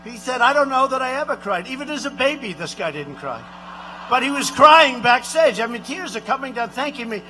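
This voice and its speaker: A man doing a high, bragging president at a rally. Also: animated, fairly quick, slight background noise, full character voice. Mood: boastful rally. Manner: repetitive, rambling, bragging, with sudden shouted lines. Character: boastful, rambling male president addressing a rally crowd. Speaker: impressionist. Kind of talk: political impression, rally speech.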